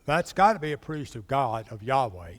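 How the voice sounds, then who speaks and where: With big pitch swings around a medium register and a normal pace, this man runs a casual Bible class in a church classroom. The recording carries long hall reverb; he's chatty, asks questions, and acts out quotes.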